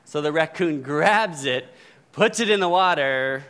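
A pastor preaches in a conversational way, often checking in with the congregation and tossing in frequent "right?" asides. His voice sits on the high side, with lively intonation, a fairly bright tone, and a slightly slow pace.

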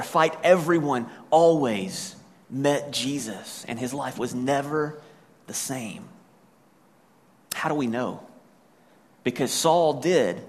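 Male pastor, conversational sermon, casual paraphrasing, long hall reverb. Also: mid-range voice. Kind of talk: sermon retelling a scripture story.

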